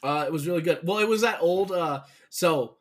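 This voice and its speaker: Excitable man chatting on a podcast. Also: a little high, fairly quick. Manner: excitable, swears freely, rambling. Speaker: podcast co-host. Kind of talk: casual chat.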